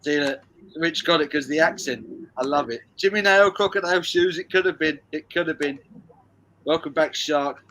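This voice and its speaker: Slightly high, pushed, and bright, this man's voice moves at a moderate pace over slight background noise. As host of a charity live stream music quiz, he reads out viewers' answers, banters, and swears and laughs often.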